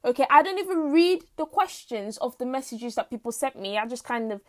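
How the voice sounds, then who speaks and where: Chatty, high-voiced teen girl. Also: animated, brisk, darkish tone. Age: teens. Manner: rambling, playfully dramatic, chatty. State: tired, lightheaded. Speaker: podcast host. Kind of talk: unscripted casual monologue. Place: home. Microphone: home mic.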